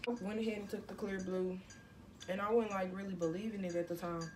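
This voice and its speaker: A teenage girl telling her story to the camera in a casual storytime vlog. Her speech is loose and slangy, and she jumps to loud exclamations. She sits a little back from the mic, with faint noise underneath. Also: medium pitch, little pitch movement, fast, distant mic. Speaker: vlogger.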